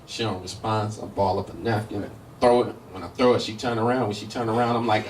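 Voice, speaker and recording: A man's voice: on the low side, fairly even intonation, quick pace, hardly any pauses, crowd noise. A man doing stand-up, telling story jokes and acting out the quoted lines. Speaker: stand-up comic. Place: comedy club. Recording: distant club mic with faint noise.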